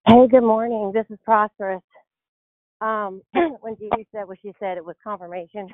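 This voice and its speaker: A woman calls in to a prayer line, out of breath and eager, often searching for words as she talks. Her voice is at an ordinary pitch, heard dry through a narrow phone-like line. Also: steady tone, moderate pace, no room sound. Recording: phone-line call audio.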